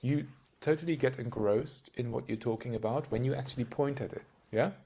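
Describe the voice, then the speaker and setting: A man's voice: mid-range voice, a little fast, vocal fry, dark tone, breathy edge. A man giving a casual tutorial on voice-over work, talking straight to the viewer in a chatty, rambling way and often checking in with questions. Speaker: voice-over coach. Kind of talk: casual talk-to-camera tutorial.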